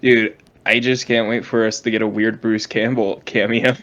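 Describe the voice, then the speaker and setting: A man's voice: fairly low pitch, highs cut off. Young man bantering casually on a podcast. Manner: jokey, animated, quick to banter. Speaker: podcast co-host. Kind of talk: casual chat.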